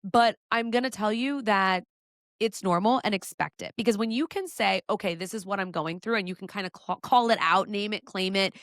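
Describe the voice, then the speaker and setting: A woman's voice: mid-range voice, normal speed, fairly bright tone, no echo. Blunt, candid woman podcast host, dry sound. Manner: blunt, swears casually, acts out inner voices of listeners. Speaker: podcast host giving dating advice. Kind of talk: candid advice monologue.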